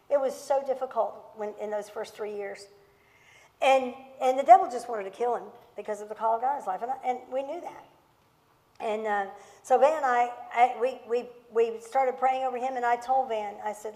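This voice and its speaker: A woman's voice: a little high, fairly quick, darkish tone. A middle-aged woman pastor preaching a sermon through personal storytelling, impassioned and emphatic, repeating words for stress. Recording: long reverb of a large hall.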